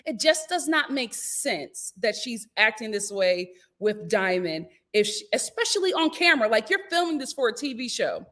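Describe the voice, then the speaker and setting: A young woman hosting a casual reality-TV recap, animated and laughing often as she acts out what people said. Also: fairly high pitch, moderate pace, few pauses. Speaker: YouTube host reviewing a reality show.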